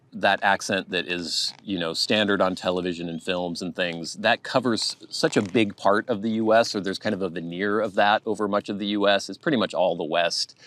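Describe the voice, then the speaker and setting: Low-voiced Pacific Northwest man musing. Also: dry recording. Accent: Pacific Northwest American. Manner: low-affect, flat and even; musing, thinking aloud. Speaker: vlogger. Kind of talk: casual chat to camera.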